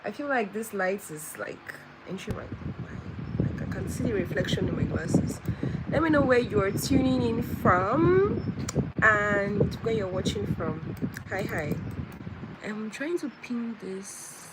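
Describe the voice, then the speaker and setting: A woman's voice: medium pitch, expressive, unhurried. A woman hosting a casual travel livestream, chatty and greeting her viewers again and again. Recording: loud vehicle noise behind.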